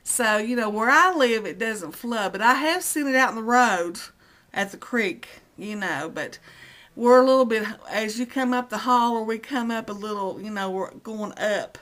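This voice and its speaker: A woman's voice: on the high side, moderate pace, a bit bright. A middle-aged woman rants casually to her vlog camera, exasperated and rambling, repeating herself for emphasis. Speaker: vlogger.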